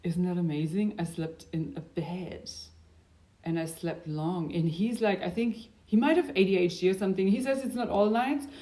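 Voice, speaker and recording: A young adult woman talking in a casual, rambling video diary. Her loudness drifts from sudden bursts down to near-whispers. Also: lowish voice, moderate pace. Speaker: diary vlogger.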